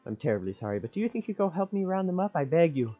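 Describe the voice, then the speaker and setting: A man voices a genteel middle-aged professor from a game, all fussy propriety and theatrical politeness. The voice sits high and bouncy with plenty of push. The sound is muffled and lo-fi. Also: sing-song, rapid-fire, faint music behind. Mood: flustered. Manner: theatrical, overly proper and polite. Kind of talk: improvised dubbing of game dialogue.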